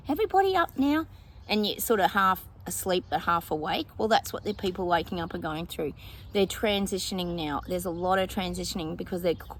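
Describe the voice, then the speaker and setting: With a fairly low-pitched voice and a little hiss or hum in the recording, a woman psychic offers casual predictions to her viewers. Her monologue is rambling and full of fillers as she thinks aloud and laughs often.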